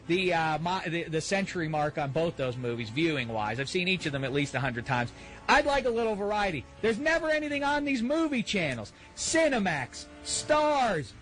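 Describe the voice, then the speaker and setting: A man hosting a radio show, telling exasperated comic stories and shouting the punchlines. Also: high-pitched. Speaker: radio host. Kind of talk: comedic radio rant. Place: Los Angeles.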